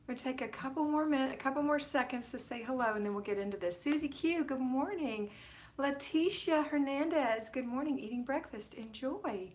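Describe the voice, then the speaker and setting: A woman's voice: high voice, brisk, a little mellow. A middle-aged woman hosting a casual homemaking livestream from home, greeting viewers by name in an affectionate, chatty way. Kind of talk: casual live-stream chat.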